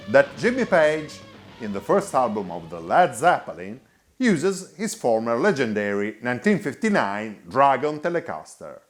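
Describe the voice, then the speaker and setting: A man hosting a guitar review show, narrating a scripted voice-over in a measured, explanatory way. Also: mid-range voice.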